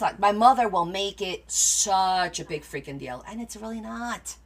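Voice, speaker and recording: A woman's voice: mid-range voice, moderate pace, few pauses. A middle-aged woman talks casually to her livestream viewers as the host of a crafting stream. She tells stories in a chatty way and answers viewer comments as she goes. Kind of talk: casual chat with live viewers.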